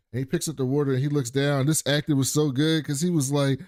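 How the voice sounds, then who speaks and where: A man's voice: medium pitch, fast, dry recording, clean studio sound. A man co-hosting a casual podcast, recapping a TV episode and acting out the characters' lines with lots of swearing. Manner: animated retelling, acts out characters' lines with profanity. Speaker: podcast co-host.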